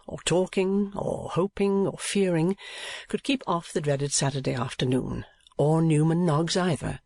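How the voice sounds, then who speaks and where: Male audiobook narrator, measured, expressive, fairly high voice, dry close recording. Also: no echo. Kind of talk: scripted narration.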